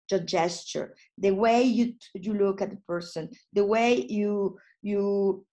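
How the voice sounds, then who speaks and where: A woman's voice: medium pitch, darkish tone. A woman trainer giving an online lesson, explaining step by step with frequent restarts. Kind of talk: webinar lesson.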